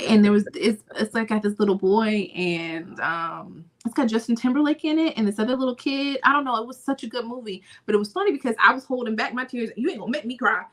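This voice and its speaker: A woman's voice: fairly high pitch, quick pace, few pauses, a bit bright. A woman co-hosting a podcast, chatting casually and candidly with slang, laughing often. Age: adult with a daughter. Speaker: podcast co-host. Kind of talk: casual chat.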